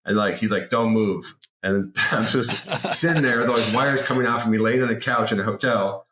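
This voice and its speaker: A man in his forties telling an anecdote as a podcast guest in a lively, casual way, often repeating words. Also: mid-range voice, quick pace, background noise. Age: 40s. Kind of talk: casual interview storytelling. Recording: roomy echo.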